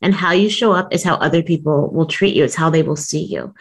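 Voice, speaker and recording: A woman's voice: low-pitched, brisk, husky. A woman comedian and author, a guest telling a personal story in an interview, acting out quoted lines with big jumps in her voice and laughing often.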